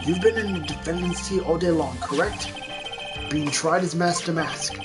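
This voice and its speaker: A woman's voice: low-pitched, moderate pace, natural voice. A woman voicing a determined young male defense lawyer who argues earnestly, over game music. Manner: earnest, urgent objections.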